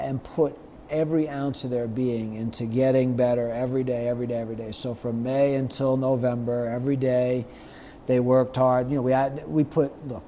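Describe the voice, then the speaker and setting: A middle-aged man, a guest on an interview show, telling anecdotes lively and acting out the lines of the people in them. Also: mid-range voice, slight background noise. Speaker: guest, sports marketer. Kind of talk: storytelling in a podcast interview.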